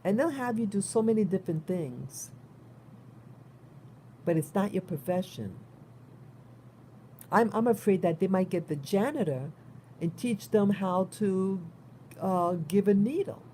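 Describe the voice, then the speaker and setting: Vlogger: New woman, warm, mellow voice, concerned, rambling delivery with frequent restarts. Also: mid-range voice, lively intonation, measured pace, pauses often, a little hiss or hum. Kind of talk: casual spoken monologue.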